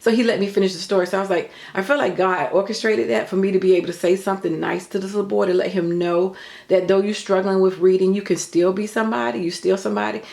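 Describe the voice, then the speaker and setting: A woman's voice: mid-range voice, steady tone, quick pace, gravelly, darkish tone, echoey room. An older woman telling a story in an earnest, chatty way, full of faith talk. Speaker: vlogger. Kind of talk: casual storytelling.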